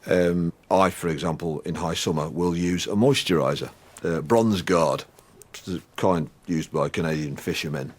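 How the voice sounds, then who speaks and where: In sitcom acting, an actor plays a blustering middle-aged Englishman in an anger management group, rambling and hesitant with crude asides. His voice is low and husky, at normal speed with hardly any pauses.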